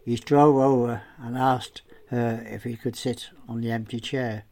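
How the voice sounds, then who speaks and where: A man reads a story aloud, narrating in a steady, unhurried way. His delivery is plain and even, with a mid-pitched voice. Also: vocal fry.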